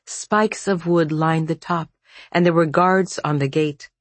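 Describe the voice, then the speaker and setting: An audiobook narrator reading a dark fantasy novel in measured, even storytelling. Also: mid-range voice, no echo. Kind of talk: scripted narration.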